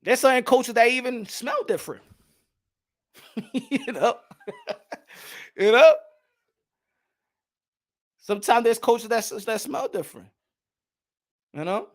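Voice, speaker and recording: High-voiced profane New York man. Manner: loose, swearing, laughing often. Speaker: boxing channel host. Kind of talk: casual profane monologue.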